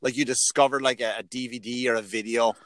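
A middle-aged man hosting a casual comedy podcast, telling animated, profane stories and acting out quotes. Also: medium pitch, fast, no echo.

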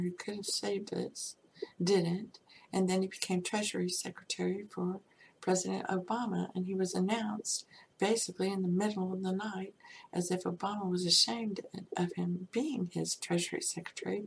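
A middle-aged woman telling a personal story in a rambling way, full of "you know" asides and breathy, half-whispered stretches. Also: mid-range voice, slight background noise. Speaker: storyteller recounting a personal crisis. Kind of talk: personal testimony.

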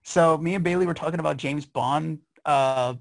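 A man co-hosting a podcast in casual chat, telling an anecdote with animated quoted lines. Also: fairly high pitch, moderate pace, gravelly. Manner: animated storytelling, quoting others. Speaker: podcast co-host.

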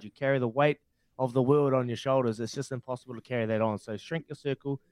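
A man's voice: mid-range voice, quick pace, a little mellow, smooth, no echo. A man, a former rugby player, giving heartfelt advice in casual sports chat, often restarting his sentences. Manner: heartfelt, advising, stumbling restarts.

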